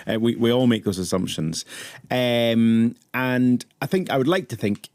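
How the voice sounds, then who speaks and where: A man with a Highland Scottish accent chatting as a panel guest, telling good-humoured stories. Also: a little slow, a little mellow, dry recording, studio quality. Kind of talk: casual chat.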